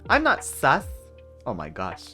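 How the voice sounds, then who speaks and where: A woman livestreaming in casual chat, telling funny stories through fits of laughter and gushing shout-outs to viewers. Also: a bass voice, huge pitch swings, a little slow, faint music behind. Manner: giggly, bursts into laughter while storytelling.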